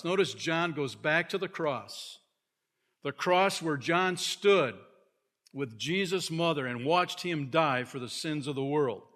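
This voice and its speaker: A pastor preaching a sermon, moving between quiet asides and loud, fervent scripture reading. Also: male voice, a little high, animated, slow. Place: church sanctuary.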